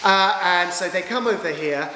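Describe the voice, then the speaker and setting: An English parent chatting casually about a film, rambling and correcting herself. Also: female voice, on the low side, moderate pace, sharp tone. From England. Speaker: parent co-reviewer. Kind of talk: casual film review chat. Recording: echoey room, long reverb, background noise.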